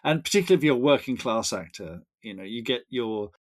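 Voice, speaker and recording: A man's voice: mid-range voice, animated, fast. A man, chatting as a podcast guest, enthusiastic and rambling with frequent restarts. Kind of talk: casual chat.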